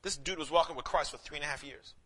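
Animated young male preacher, high bright voice. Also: fast talker. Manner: animated storytelling, slips into quoted voices, frequent restarts; casual slang. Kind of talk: sermon.

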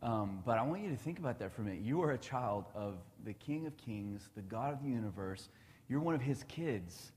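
A man's voice: medium pitch, expressive, brisk, a little mellow, long reverb tail. A man in his thirties giving a casual devotional talk, chatty and laughing often.

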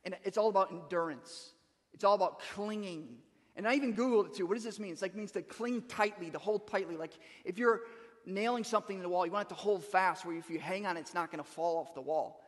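A man's voice: high-pitched, fast, in a large hall. A man preaching a sermon as pastor, talking conversationally and repeating words as he starts a thought.

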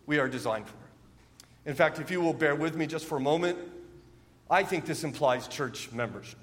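A middle-aged man with a high voice preaches a sermon in a church sanctuary. He speaks earnestly, repeats phrases for emphasis and builds to animated peaks. The long reverb of the hall trails after his words. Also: moderate pace. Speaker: pastor.

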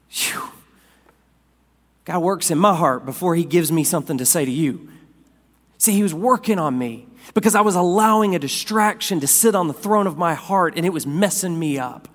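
A man preaching a sermon as pastor, swinging from loud, raised lines down to quiet, soft ones. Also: sits high, a little fast. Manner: dynamic preacher, rising loud then dropping soft. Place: church sanctuary. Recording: long hall reverb.

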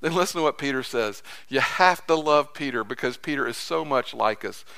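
A man's voice: mid-range voice, animated, a little fast, gravelly, pushed and bright, clear, resonant tone. A man preaching a sermon as pastor in a conversational way, repeating phrases for emphasis.

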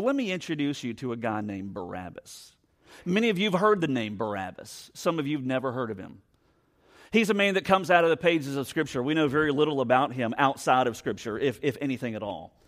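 A man's voice: medium pitch, animated, a little fast. A man in his forties preaching a sermon, chatting with the congregation and telling a story with plenty of questions to the crowd. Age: 40s. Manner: conversational storytelling with audience questions. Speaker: pastor.

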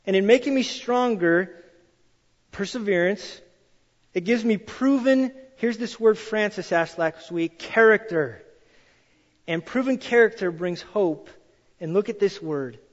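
Animated high-voiced male pastor preaching. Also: a little slow. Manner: animated storytelling, acts out quoted voices. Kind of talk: sermon. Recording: dull sound in a hall with long reverb.

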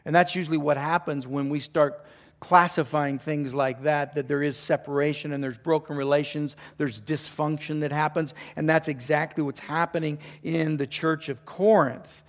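A middle-aged man, a pastor preaching a conversational, enthusiastic sermon with restarts and throat-clearing. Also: a little high, steady tone, normal speed.

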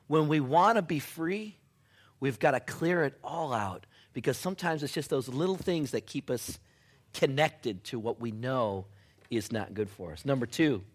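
A man preaching a sermon in a chatty storytelling way, full of "you know" and "like", and dropping to a hush now and then. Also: mid-range voice, normal speed. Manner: conversational storytelling with many fillers, sudden drops to a hush.

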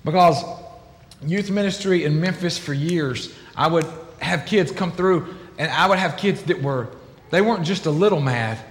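A middle-aged man, a pastor, preaching a sermon in an animated, emphatic way, acting out quotes in different voices. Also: a little high, normal speed. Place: large church hall. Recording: echoey hall with long reverb.

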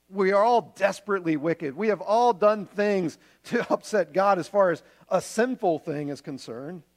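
A man preaching a sermon as a pastor, earnest and conversational, using homely examples. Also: high-pitched.

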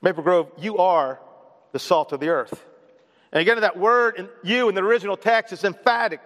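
A man's voice: sits high, fairly quick, a bit bright, big-room sound. A man preaching a sermon as pastor of a church, emphatic and repetitive, calling on the congregation to respond. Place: church sanctuary.

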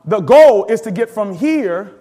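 High-voiced preacher in an echoing sanctuary. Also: male voice, measured pace. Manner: animated, call-and-response preaching with laughter and sudden emphatic rises. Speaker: pastor. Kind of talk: teaching sermon.

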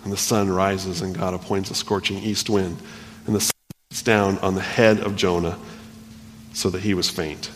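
A man preaching a sermon, earnest and repetitive, swinging between loud emphasis and hushed delivery. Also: low voice, level tone, moderate pace. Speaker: pastor. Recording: long hall reverb.

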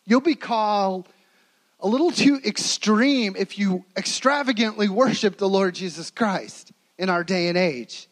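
A man with a fairly high voice delivers a sermon as a vivid retelling. He leans hard into some phrases and drops almost to a hush on others, pulling listeners into the scene. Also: measured pace, poor audio. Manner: dramatic storytelling, swinging between emphatic and hushed. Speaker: preacher.

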